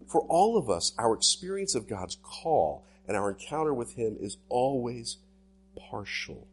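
A male pastor delivering a sermon in an animated preaching style with sweeping swings in pitch. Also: a little slow, breathy edge.

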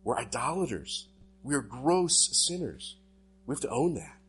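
A male pastor delivering a sermon in an animated preaching style with sweeping swings in pitch. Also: moderate pace, breathy edge, faint music behind.

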